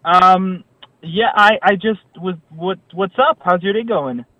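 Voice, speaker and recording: A man's voice: sits high, slow, pushed and bright, no room sound, highs cut off, heavily acted. A man voicing a confused, dim-witted male caller in improvised comedy, dithering and mixing things up. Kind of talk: improvised prank-call comedy.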